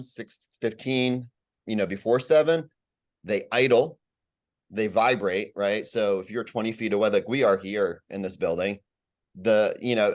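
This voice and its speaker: At a community meeting, a man with a fairly low voice gives a rambling, aggrieved public comment packed with fillers and repeated words.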